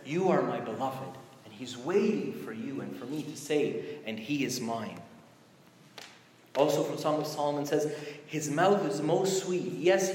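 A man's voice: mid-range voice, a little mellow. Man preaching in an echoey hall. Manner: conversational, emphatic with rising exclamations. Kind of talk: sermon. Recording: echoey hall with faint background noise.

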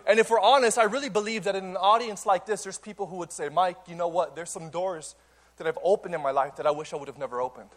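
A young adult man, a pastor, telling a playful story in a sermon to a church congregation, energetic and full of quick restarts. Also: high-pitched. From Cuban. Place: church auditorium before a congregation.

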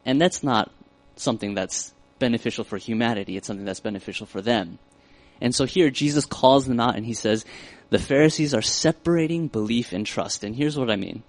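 A man's voice: mid-range voice, fairly quick. A man giving a casual, conversational Bible teaching, thinking aloud with fillers and correcting himself as he goes.

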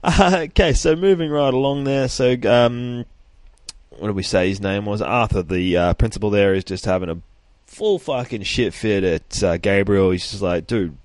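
A man with a lowish voice talks loosely through a comic, cursing a lot and jumping into the characters' lines. The sound is dry and close, with no room around it. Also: normal speed, a little mellow, no room sound. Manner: swears often, acts out characters' lines. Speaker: podcast host reviewing a comic. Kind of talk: casual chat. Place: home, rain heard outside.

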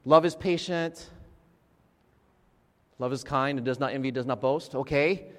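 A man's voice: mid-range voice, unhurried, pauses often. A man preaching a sermon in a conversational way, checking in with his congregation and restarting his sentences as he goes. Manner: conversational, frequent restarts and "right?" asides to the congregation. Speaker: pastor. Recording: long reverb of a large hall.

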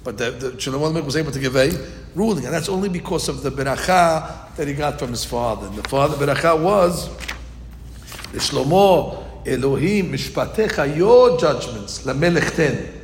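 A man giving an informal Torah class, telling the story lively acted-out voices. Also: medium pitch, fast talker. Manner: animated storytelling, acting out quoted voices. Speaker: Torah teacher. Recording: echoey hall with faint noise.

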